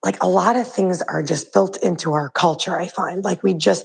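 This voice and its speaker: A hoarse woman in her thirties leaving a rambling, chatty voice note on her phone. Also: fairly low pitch, moderate pace, darkish tone, low-quality recording. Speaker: listener sending a voice note. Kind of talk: casual voice note. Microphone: phone voice message.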